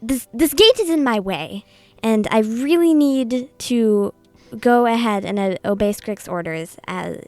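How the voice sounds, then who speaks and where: A woman plays an adventurer in a tabletop game who is talking her way past a guard. She speaks slowly and fumbles for excuses, her voice a bit higher than usual. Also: animated, a little mellow, no room sound, soft background music. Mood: bluffing.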